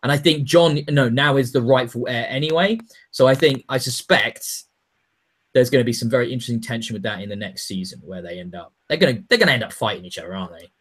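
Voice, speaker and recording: Man, podcast co-host, casual chat, animated, jokey, mid-pitched voice. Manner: animated, jokey, quick bursts.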